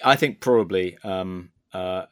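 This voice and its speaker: A man's voice: sits low, unhurried, no room sound, clean studio sound. A man co-hosting a podcast in casual chat, hesitant with many fillers and a wry tone. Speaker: podcast co-host.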